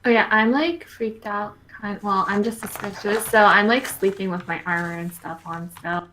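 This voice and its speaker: A woman's voice: mid-range voice, moderate pace, pushed and bright, slight background noise, rough recording. A woman player in a tabletop game, talking casually with many filler words.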